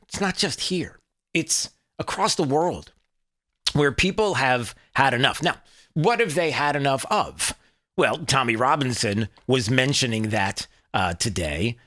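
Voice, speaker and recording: A man hosts his own commentary show in a bright, forward voice. He rambles along with plenty of fillers and drops in jokey asides. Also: mid-range voice. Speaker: show host. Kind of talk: casual commentary.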